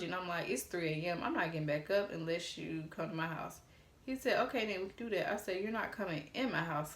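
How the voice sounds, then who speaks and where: A woman's voice: medium pitch, fairly bright tone, roomy sound. Sassy, blunt woman in her twenties. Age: 20s. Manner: blunt, sassy, swears freely. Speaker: storytime vlogger. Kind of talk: casual storytime vlog.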